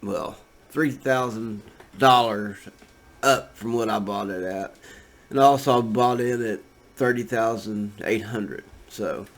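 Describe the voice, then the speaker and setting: A man's voice: lowish voice, slow pace. A man giving casual, rambling commentary on trading charts, laid-back and full of fillers and restarts. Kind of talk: casual screen-share commentary.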